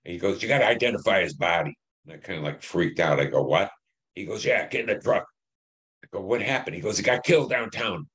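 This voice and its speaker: An older man in his seventies, a veteran from Detroit, telling war memories in an interview, plain and halting with many fillers. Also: sits low. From Detroit, Michigan. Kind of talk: oral history interview.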